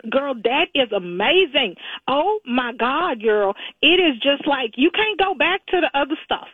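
A woman's voice: sits high, unhurried, no room sound, narrow, tinny audio. A woman guest chatting casually and talking freely about her family and everyday life. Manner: animated, talkative storyteller. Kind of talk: casual chat.

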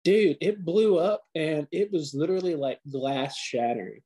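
A man co-hosting a podcast, telling stories in an animated, profane, casual way, full of fillers. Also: on the high side, normal speed, slightly rough, low-quality recording. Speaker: podcast co-host. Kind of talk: casual chat.

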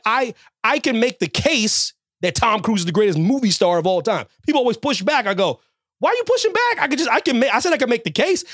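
This is a man on a podcast, captured in clean studio sound without any room sound. Chatting casually as co-host, he gets emphatic and animated, says things over and over, and jumps into high mocking quotes.

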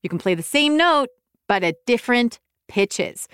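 A woman's voice: fairly high pitch, expressive, normal speed, a bit bright, clear, resonant tone. A woman hosting a music lesson for kids, encouraging viewers at home to sing along. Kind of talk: upbeat kids' music lesson.

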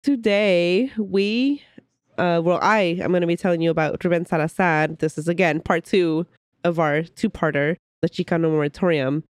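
A woman with a lowish voice co-hosting a casual history podcast, sounding a bit sick. She reads from notes in a chatty way and breaks off to laugh. The close mic is dry, with no room sound. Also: steady tone, normal speed, dry recording. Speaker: podcast co-host.

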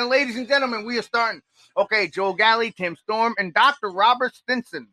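A man hosting a casual radio watch-along, chatty and rambling with lots of fillers and sudden bursts of excitement. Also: high voice, normal speed. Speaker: podcast host.

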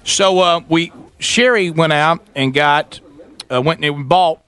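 Animated man telling a story. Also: fairly high pitch, slow, clear, resonant tone. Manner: animated storyteller, acting out quotes. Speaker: radio show host. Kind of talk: casual storytelling on morning radio.

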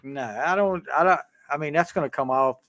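A man's voice: on the high side, brisk, fairly bright tone, no echo. Easygoing podcast co-host man. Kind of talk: casual chat.

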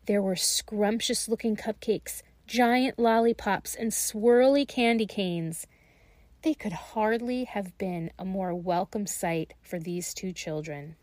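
A woman reading a fairy tale aloud in a slow, gentle and expressive way. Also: medium pitch, no echo. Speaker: storyteller.

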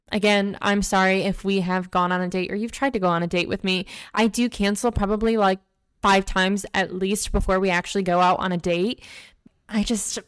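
A young woman hosting a podcast, casually telling a dating story with lots of "like" fillers and animated retelling. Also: mid-range voice, clear, resonant tone. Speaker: podcast host.

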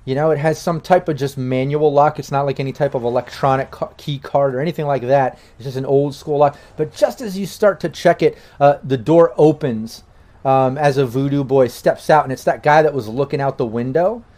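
A man runs a streamed tabletop game, rambling casually through the scene. His voice sits at an ordinary middle pitch. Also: brisk, darkish tone. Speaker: game master.

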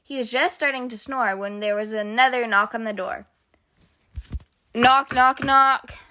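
A woman with a high, bright voice reading a picture book aloud for kids. She tells the story in an expressive, animated way. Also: a little slow, no echo. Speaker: children's story reader.

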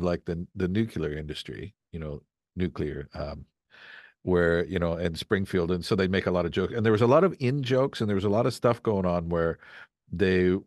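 Low-voiced rambling man, dry sound. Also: no echo. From Canada. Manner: rambling, storytelling with acted-out quotes. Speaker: guest voice actor. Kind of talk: casual podcast chat.

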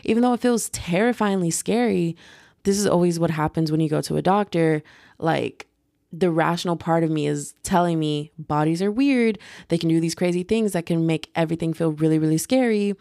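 A young woman vlogger telling a personal story in a chatty, animated way, full of "like"s. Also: fairly low pitch, a little fast, no echo, studio quality. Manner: chatty, animated retelling with many "like"s. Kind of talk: casual storytime.

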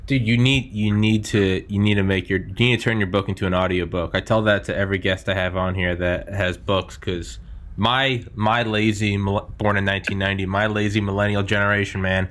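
A man's voice: on the low side, level tone, a little fast, fairly bright tone. Rambling, chatty podcast host guy. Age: 30s. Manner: chatty, rambling, heavy on "like" and "man". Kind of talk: casual chat.

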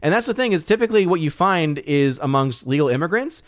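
A man's voice: fairly high pitch, lively intonation, fast talker, no room sound, clean studio sound. A man hosting his channel, chatting casually and reading viewer comments on a live stream, loose and full of fillers and restarts. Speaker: channel host.

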